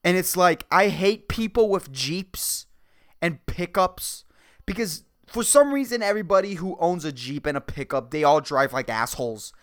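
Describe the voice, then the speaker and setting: A man's voice: high voice, expressive, moderate pace, fairly bright tone, clear, resonant tone. A man hosting a solo podcast, ranting sarcastically with lots of swearing and laughing at his own jokes. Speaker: podcast host.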